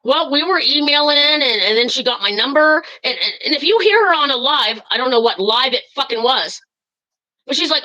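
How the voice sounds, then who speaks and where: A woman on a live-stream call vents her anger, swearing often and tripping over her words. Her voice sits high and comes across bright and sharp. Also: animated, moderate pace, low-quality recording. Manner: furious, swearing, rambling with many fillers. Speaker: caller.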